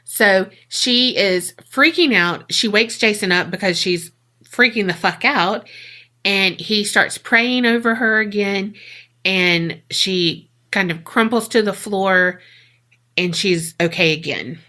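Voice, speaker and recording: Young female podcast co-host, bright tone, unhurried, foul-mouthed storyteller. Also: medium pitch. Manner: slangy, profane, dramatic retelling. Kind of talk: casual storytelling chat.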